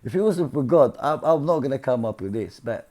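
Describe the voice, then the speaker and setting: A man with a medium-pitched, slightly mellow voice speaks a little fast and expressively. He's a religious commentator explaining scripture in an informal talk, earnest and constantly checking in with "yeah?" and "see?".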